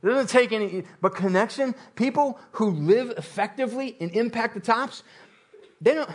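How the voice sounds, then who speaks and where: A man's voice: extremely high pitch, normal speed. A man preaching a sermon, repeating phrases and building intensity, with occasional laughter. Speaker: pastor.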